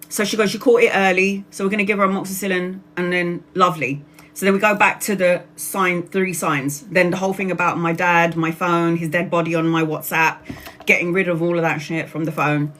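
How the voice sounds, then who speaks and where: A woman's voice: lowish voice, pushed and bright, slight background noise. A woman from Brazil, a tarot reader telling personal stories on a livestream in a chatty way, laughing often and acting out other people's voices. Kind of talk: casual personal storytelling.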